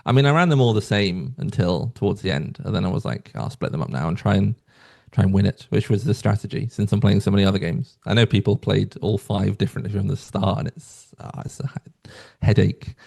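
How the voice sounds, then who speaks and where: A man guesting on a podcast, talking in a casual, animated and self-deprecating way. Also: on the low side, fairly quick, creaky.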